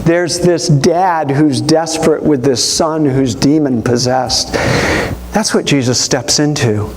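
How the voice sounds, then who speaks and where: A male pastor preaching a sermon in a church, telling the story in an animated way with quoted voices. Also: a little high, takes it slowly, a little hiss or hum.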